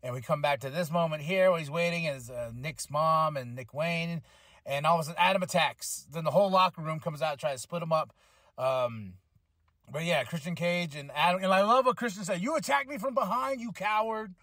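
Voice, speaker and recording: A podcast host reviewing wrestling rambles excitedly through a casual recap, full of fillers and restarts, at a fairly quick pace. His voice sits a little high for a man, and the recording is dry and close with no room sound at all.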